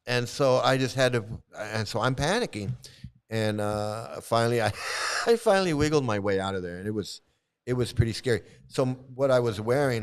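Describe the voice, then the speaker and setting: A man casually telling a personal story, halting often and repeating his phrases as he restarts. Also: medium pitch, clear, resonant tone. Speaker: vlogger recounting past experiences.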